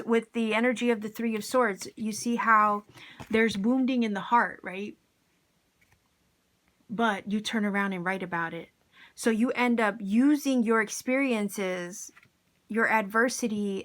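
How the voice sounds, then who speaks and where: A woman's voice: medium pitch, fairly bright tone. A woman giving a casual tarot reading to her viewers, enthusiastic and encouraging, with plenty of slang. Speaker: tarot reader.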